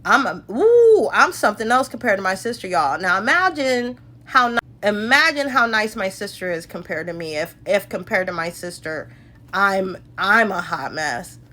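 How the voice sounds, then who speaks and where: A woman's voice: mid-range voice, lively intonation, moderate pace, sharp tone. A woman hosting a phone livestream, talking heartfelt and emotional about her faith, calling her viewers y'all. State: tearful at times. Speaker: livestream host.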